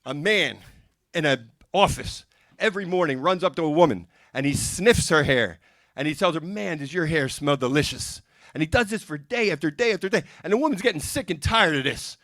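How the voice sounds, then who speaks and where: A man with a high, very lively voice tells stand-up jokes one after another, slipping in quick character voices. His tone is bright and forceful. The sound is dry and close, with little room echo. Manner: rapid-fire joke delivery with character voices. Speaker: stand-up comedian. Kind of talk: stand-up joke telling. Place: music and arts center stage.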